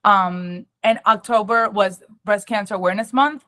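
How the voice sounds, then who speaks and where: A young adult woman giving a personal testimony at an awareness talk, emotional and halting, with many ums and restarts. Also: mid-range voice, a bit bright.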